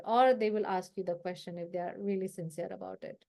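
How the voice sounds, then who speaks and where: A South Asian woman trainer with a dark-toned, mid-range voice talks fairly quickly with hardly any pauses during a live confidence workshop. Conversational and coaching, she acts out short workplace lines and asks the audience whether they agree.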